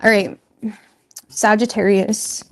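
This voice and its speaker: A woman's voice: medium pitch, fairly even intonation, slow pace. A woman giving a casual tarot reading, chatty and loose, laughing at herself and filling her talk with "like" and "you know". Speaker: tarot reader.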